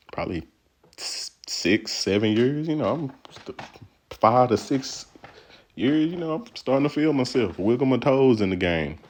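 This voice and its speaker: A male stand-up comedian from Texas giving casual, playful, slangy commentary on his own set and laughing often. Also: fairly low pitch. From Texas, USA.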